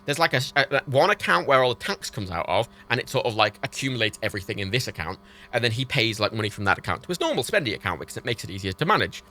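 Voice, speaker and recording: Swearing British man on a lively rant. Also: medium pitch, very fast. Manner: exasperated, heavy swearing, animated. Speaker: livestreamer. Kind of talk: ranting livestream chat.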